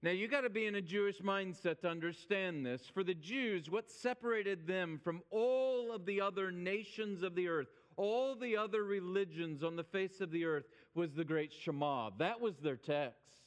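A man preaching a sermon, speaking emphatically and slowing down when he quotes scripture. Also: sits high, smooth, in a large hall. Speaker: pastor.

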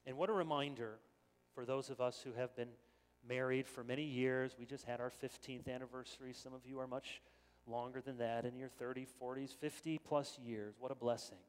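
A middle-aged man preaching a sermon as pastor, earnest and animated, with quick stammered restarts. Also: mid-range voice, smooth. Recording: long reverb of a church hall.

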